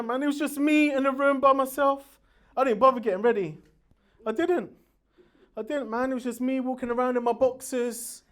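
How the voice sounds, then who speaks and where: A man doing a stand-up comedy routine on stage, loud and brash, laughing at his own jokes. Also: very high-pitched.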